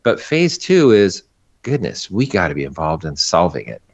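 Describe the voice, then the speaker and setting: A man's voice: sits low, big pitch swings, normal speed. A man, a guest animator, talking earnestly and emphatically in a casual podcast discussion, often restarting his sentences. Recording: muffled, dull audio.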